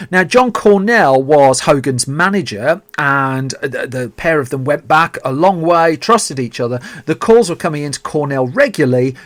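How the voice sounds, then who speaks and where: A man's voice: on the high side, a bit bright, dry recording. A man with a Birmingham accent hosting a film podcast, telling a film's backstory in a chatty way with asides and restarts. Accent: Birmingham English. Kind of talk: solo podcast storytelling.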